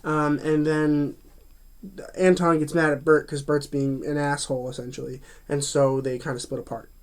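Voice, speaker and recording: A man's voice: fairly high pitch, flat delivery, normal speed. A man giving a casual spoken movie review, chatty and full of fillers and restarts.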